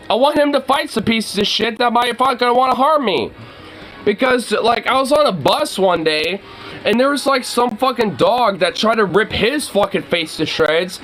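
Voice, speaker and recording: High-voiced, lively young man ranting. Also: rough recording. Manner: profane, exasperated ranting with frequent fillers. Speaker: vlogger. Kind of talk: casual rant to camera.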